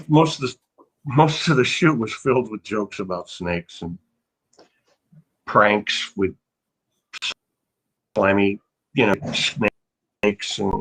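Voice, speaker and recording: A man's voice: lowish voice, slightly rough, rough recording. An older man, an actor, telling rambling, anecdotal stories in a casual interview, with many restarts.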